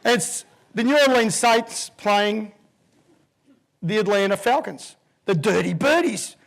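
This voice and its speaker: High-voiced man telling a story. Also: takes it slowly, vocal fry. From Australia. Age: 50s. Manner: vivid, animated storyteller who acts out voices. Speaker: keynote speaker. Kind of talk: storytelling keynote.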